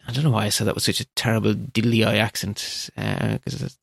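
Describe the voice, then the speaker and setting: A man's voice: lowish voice, little pitch movement, a little fast, gravelly, slightly rough, no room sound. A man hosting a casual solo podcast, talking in a rambling, chatty way with frequent ums and asides into a close mic. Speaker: podcast host.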